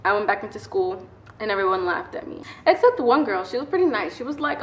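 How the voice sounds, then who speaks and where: A young woman telling a personal story in a casual vlog, chatty and animated, acting out quotes and laughing often. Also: mid-range voice, quick pace, a little hiss or hum. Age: young adult. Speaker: vlogger. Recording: echoey room.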